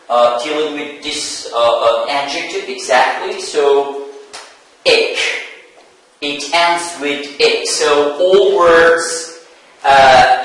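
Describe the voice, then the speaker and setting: Male English teacher, unhurried and methodical, boomy reverberant room. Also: fairly bright tone. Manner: slow, deliberate, repeats key words. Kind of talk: televised classroom lesson. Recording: echoey room, voice from far off.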